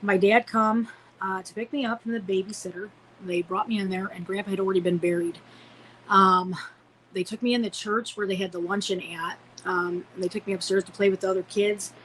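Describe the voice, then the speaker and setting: A woman's voice: medium pitch, steady tone, a little fast, fairly bright tone, a little hiss or hum, poor audio. A woman in her forties from Illinois, a podcast guest telling a personal story in a rambling way, with many fillers and restarts. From Illinois, United States. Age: 40s.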